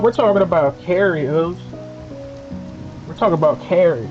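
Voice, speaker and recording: A man's voice: on the high side, expressive, normal speed, highs cut off, faint music behind. A man streaming from home, ranting angrily and sarcastically with heavy profanity as the channel's host.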